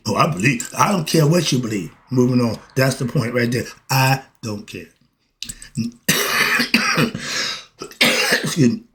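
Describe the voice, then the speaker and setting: Emphatic man lecturing with lively pitch. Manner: preachy, emphatic, answers own questions, bursts into shouting; coughs and clears throat. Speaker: street philosophy commentator. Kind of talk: solo monologue.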